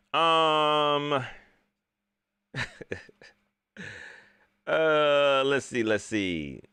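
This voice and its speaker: A man, hosting a casual live sports talk show, animated and talking straight to his viewers as he reads their chat. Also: medium pitch, no room sound, studio quality. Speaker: sports talk livestream host.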